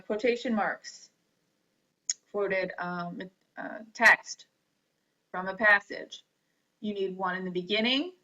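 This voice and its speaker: A woman gives a grammar lesson at a very unhurried pace, pausing between each item and spelling words out letter by letter. Her voice has a bright, crisp edge. The recording sounds dull and lo-fi. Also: mid-range voice. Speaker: teacher. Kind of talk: slow classroom lecture on grammar.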